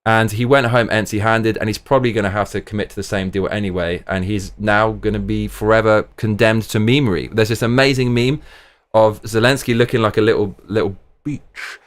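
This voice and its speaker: A man hosting a live stream, talking casually and excitably, often trailing off into mumbles. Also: lowish voice, brisk. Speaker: livestream host.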